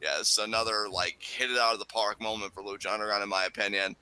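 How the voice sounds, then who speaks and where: A man's voice: on the low side, steady tone, quick pace, pushed and bright, a little hiss or hum. A man co-hosting a casual wrestling review chat, talking with enthusiasm. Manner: enthusiastic, acts out quoted lines in bursts. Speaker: co-host reviewing wrestling episodes.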